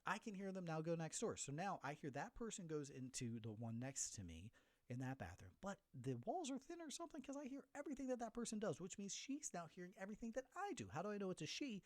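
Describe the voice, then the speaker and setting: Lively fast-talking middle-aged man storyteller. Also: high voice, no room sound. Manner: animated storyteller who acts out the voices of others. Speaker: podcast host. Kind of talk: solo podcast storytelling.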